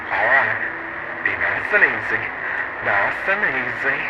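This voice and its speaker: A man's voice: mid-range voice, big pitch swings, slow. A man voicing a jittery, fretful stock car driver who keeps crying out in alarm. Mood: panicky. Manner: fretful, keeps exclaiming "oh heavens". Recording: dull audio under loud engine noise.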